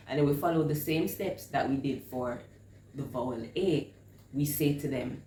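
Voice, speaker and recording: Low-voiced woman teaching vowel sounds. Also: mellow. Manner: slow, overemphasized sounding out of vowel words. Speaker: reading teacher. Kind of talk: instructional talk on phonics. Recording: echoey room with faint ambience.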